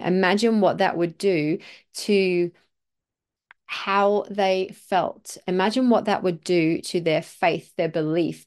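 A woman's voice: medium pitch, darkish tone. A woman hosting a solo motivational podcast, talking in an earnest, emphatic way and repeating phrases for effect. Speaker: podcast host.

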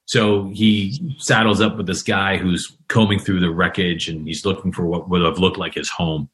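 A man's voice: deep voice, fairly even intonation, normal speed, fairly bright tone. A man hosting an interview podcast, speaking conversationally and telling a story to his guest. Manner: tells an anecdote with acted quotes. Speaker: podcast host.

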